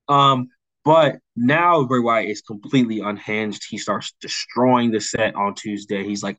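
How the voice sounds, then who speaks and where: On a podcast, a young male co-host casually rambles, full of fillers, as he recaps a storyline and floats a rewrite, quickly mimicking wrestlers' lines along the way. He has a fairly low, bright, forceful voice. The audio is dry and poor.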